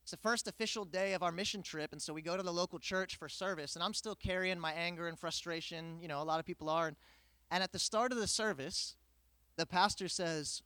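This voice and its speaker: A man preaching a sermon, telling a personal story with lively humor before his main point. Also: sits high, a little fast, dry recording.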